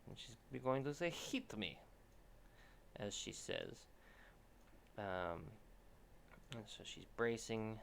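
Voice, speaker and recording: A young man streams a drawing session, chatting casually and thinking aloud with many restarts. His lowish, gravelly voice moves slowly, broken by long pauses, with a little hiss or hum in the recording.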